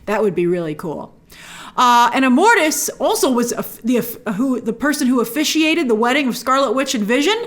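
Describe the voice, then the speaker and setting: Film-review host, female, high and very lively, gushes and exclaims. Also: a little fast. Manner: excitable, gushing with sudden high exclamations. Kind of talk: casual film breakdown to camera.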